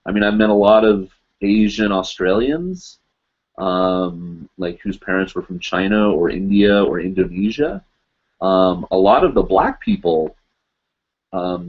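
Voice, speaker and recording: A man with a low, husky voice rambles through a casual live-stream Q&A, reading viewer comments aloud as he goes. The sound is dull and lo-fi, like stream audio. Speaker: live-stream host answering viewer questions.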